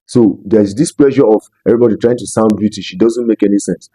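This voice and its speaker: Nigerian guy ranting on his vlog, deep-ish mellow voice, dry close sound, keeps repeating himself to make a point. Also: fast, no echo, poor audio. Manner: emphatic, preachy, repeats phrases for stress. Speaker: commentary vlogger. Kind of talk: opinion commentary vlog.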